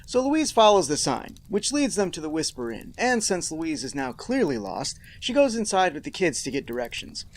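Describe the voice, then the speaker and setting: Male podcast host, high pitch, very lively intonation, sarcastic recap, mock outrage. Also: normal speed, few pauses. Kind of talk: comedic episode recap.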